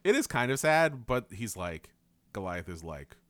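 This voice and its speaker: Laughing often, a young man co-hosting a podcast recounts a cartoon episode in casual conversation, doing an animated retelling with mock quotes. He speaks at a normal speed with a fairly low pitch, and there's no room sound.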